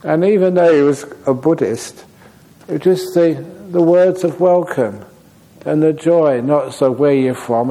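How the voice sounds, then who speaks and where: A man, a Buddhist monk, answers questions from his audience in a relaxed dharma talk. His voice is mellow and warm, never bright. He moves easily between teaching points and humorous, unhurried anecdotes. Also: mid-range voice, rough recording. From Australia.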